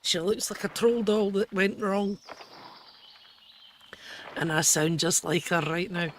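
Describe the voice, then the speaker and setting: Hoarse woman streamer, slow, swearing. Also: medium pitch, a little hiss or hum. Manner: swearing, exasperated, chatty. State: hoarse, deep-sounding voice. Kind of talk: casual gaming stream commentary.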